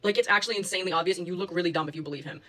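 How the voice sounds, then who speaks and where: A woman's voice: lowish voice, rapid-fire, a bit bright, low-quality recording. A young woman telling a story to her viewers in a casual, chatty way, full of fillers and swearing.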